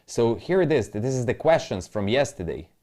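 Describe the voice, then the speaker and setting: A man's voice: mid-range voice, big pitch swings, normal speed, dark tone. A man talking casually through crypto charts as a trading analyst, rambling and muttering to himself in non-native English, with the odd swear.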